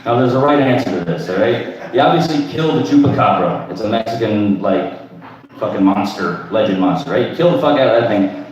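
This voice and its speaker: A man's voice: on the low side, expressive, brisk, darkish tone, muffled recording. A man in his thirties doing crude, rambling open mic stand-up, tagging lines with "right?". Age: 30s. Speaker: stand-up comedian. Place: comedy club stage. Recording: echoey room from far off.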